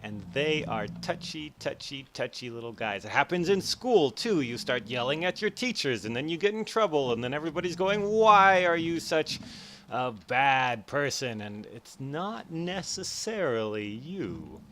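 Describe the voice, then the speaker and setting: A man explaining psychology in a casual, animated way over gameplay, acting out his own thoughts in quick bursts. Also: medium pitch, a little hiss or hum. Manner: animated, acts out his own inner voices. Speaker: educational YouTuber.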